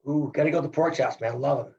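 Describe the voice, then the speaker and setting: A man's voice: mid-range voice, quick pace, a little mellow, muffled recording. A middle-aged man from Iowa, a wrestling coach, talking in a casual podcast interview in an emphatic, upbeat, folksy way.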